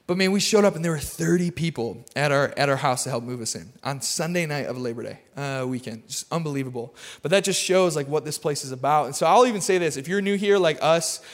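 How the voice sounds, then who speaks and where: A man preaching a casual, energetic sermon, chatty and full of self-deprecating humor. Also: a little high, big-room sound. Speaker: pastor. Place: church auditorium.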